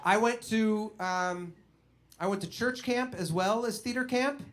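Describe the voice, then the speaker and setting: A young man doing stand-up, telling a story in an animated way and acting out the voices of other people. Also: high-pitched, a little slow, a little hiss or hum. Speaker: stand-up comedian.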